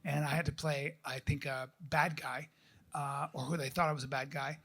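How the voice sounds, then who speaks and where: A middle-aged man, a comedian, telling animated, profane stories as a guest on a live podcast. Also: a little high, normal speed. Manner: animated, profane, laughing storyteller. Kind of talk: live podcast chat, storytelling.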